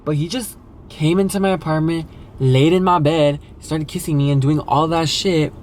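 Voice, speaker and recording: A man's voice: a little high, fairly even intonation, moderate pace, a little mellow, slight background noise. A young man telling a candid personal story in a casual vlog, talking loosely with lots of fillers and swearing. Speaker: vlogger.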